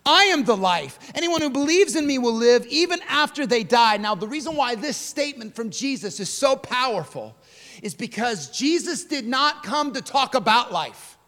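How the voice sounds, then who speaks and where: A man preaching a sermon as pastor. He swings between loud, emphatic lines and soft, hushed passages, and speaks straight to his listeners as "friend". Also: very high-pitched, lively intonation, normal speed, long reverb tail.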